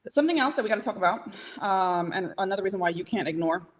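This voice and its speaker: A woman's voice: medium pitch, animated. Emphatic woman coaching small business owners. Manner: emphatic, coaching, keeps asking "okay?" and "right?"; direct and motivational, speeds up and slows down. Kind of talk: live training talk.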